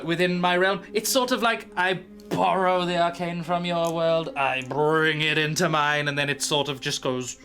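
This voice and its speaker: A man's voice: fairly high pitch, sharp tone. A man voicing a gleeful, crude male god of chaos who swears and mocks mortals. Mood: scornful. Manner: giggly, swearing, mocking. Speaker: game master.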